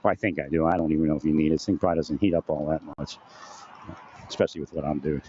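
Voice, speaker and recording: A vlogger talks into his phantom-powered mic at home, rambling through a personal monologue, getting distracted and starting over often. His voice is a rumbling low, warm and fairly even, delivered very fast. The audio is dull with slight background noise.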